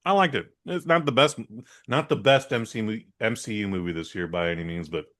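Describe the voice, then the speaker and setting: A man's voice: fairly low pitch, fairly quick. A man co-hosting a podcast, telling stories animatedly, swearing freely and acting out what people said. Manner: animated storyteller, swears freely, acts out quotes. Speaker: podcast co-host. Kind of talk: casual chat.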